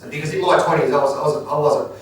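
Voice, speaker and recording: Fast-talking blunt Australian man. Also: a little high, fairly even intonation. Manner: blunt, colloquial, straight-talking. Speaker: guest speaker, business owner. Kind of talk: live Q&A storytelling. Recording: echoey room, distant mic, noisy.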